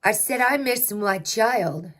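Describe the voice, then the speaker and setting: A woman hosting a spiritual healing livestream, talking slowly and reflectively with her viewers. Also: medium pitch, expressive, a bit bright. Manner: slow, reflective, talks to chat and to herself. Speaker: spiritual healing channel host.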